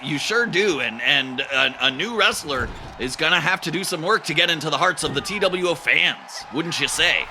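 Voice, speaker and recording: A man doing play-by-play commentary on an improvised comedy wrestling show, deadpan and rambling and full of "uh"s. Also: a little high, normal speed, hardly any pauses. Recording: noisy background.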